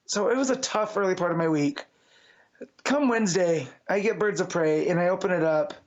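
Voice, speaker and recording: A man co-hosting a podcast, summing up comics in a casual, rambling chat full of fillers and restarts. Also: sits high. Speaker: podcast co-host. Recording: dull lo-fi sound.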